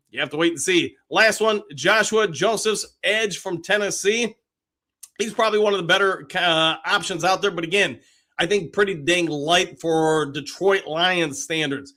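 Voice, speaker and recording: A man hosts a live sports talk show in a casual, chatty way. His voice sits high and sounds bright and forward. He breaks up his commentary with cheerful reads of viewer comments. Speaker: sports podcast host.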